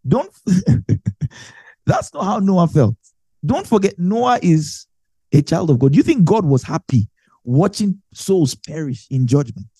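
A man delivers a Bible teaching with a slightly husky, mellow voice that sits fairly high for a man. He is emphatic and lively, repeating key lines again and again to drive them home. The sound is close and dry. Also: measured pace, long pauses, dry recording. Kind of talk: sermon teaching.

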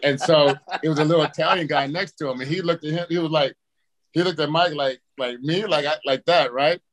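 A man's voice: fairly high pitch, brisk, no room sound. A man telling a wild personal story as a podcast guest, swearing freely and acting out his own reactions. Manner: profane and animated, acts out his own reactions. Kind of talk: casual storytelling.

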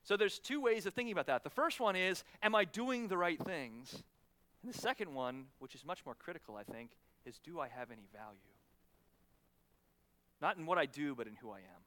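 Male preacher, 30s, chatty sermon, lots of restarts, bright lively voice. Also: on the high side, a little fast. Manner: conversational, many restarts, repeated "right?"; lively, laughs with the congregation.

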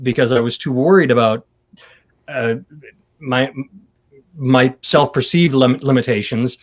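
A man's voice: mid-range voice, measured pace. A man and stand-up comedian, talking in casual chat with stammering restarts and rambling asides.

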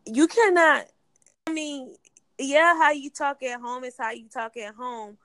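Woman, blunt and opinionated, fairly high voice, dry close sound. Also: a little slow, a bit bright, clean tone, no echo. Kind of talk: casual chat.

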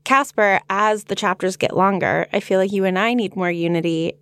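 A woman's voice: medium pitch, moderate pace, fairly bright tone, clean tone, dry recording. A woman co-hosting a podcast, speaking in a casual, earnest way. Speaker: podcast co-host.

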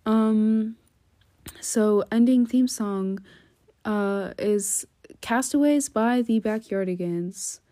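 A woman's voice: a little high, slow, dark tone. A teenage girl hosting a casual solo podcast from home on her phone, rambling and chatty with lots of ums and giggly asides. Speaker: podcast host. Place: at home, indoors.

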